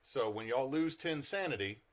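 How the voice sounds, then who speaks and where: A man's voice: mid-range voice, expressive, normal speed. A man narrating as game master of a tabletop horror game, explaining rules and describing scenes in a casual way.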